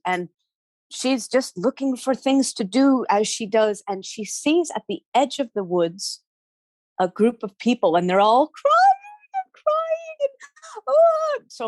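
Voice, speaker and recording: A woman storyteller telling a folk tale in an animated, playful way with chatty asides. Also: medium pitch, no echo. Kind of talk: oral storytelling.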